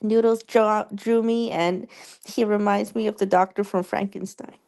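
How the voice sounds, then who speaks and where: A young woman streamer chatting casually with her viewers, rambling and halting with many fillers and restarts. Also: medium pitch, fairly even intonation, darkish tone.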